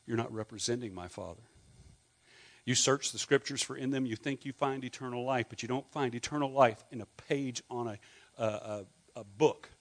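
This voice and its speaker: Jesus, calm adult man, low earnest measured delivery, as quoted by a male preacher. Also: natural voice. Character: Jesus, a calm grown man rebuking leaders.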